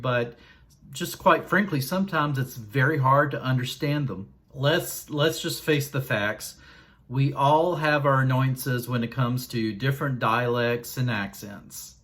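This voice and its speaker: A man with a thick Southern drawl talks straight to his viewers in a relaxed vlog. He is folksy and pokes fun at himself, and he speaks slowly and deliberately, as if to make sure he is understood. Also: medium pitch. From Southern United States. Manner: self-deprecating, folksy, slow and deliberate. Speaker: YouTuber. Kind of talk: casual vlog monologue.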